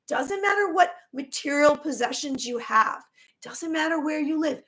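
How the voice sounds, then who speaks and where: A woman talking casually on a live stream as a spiritual teacher, warm in her encouragement and tripping over words, her voice going hoarse. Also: high-pitched, lively intonation, moderate pace. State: losing her voice.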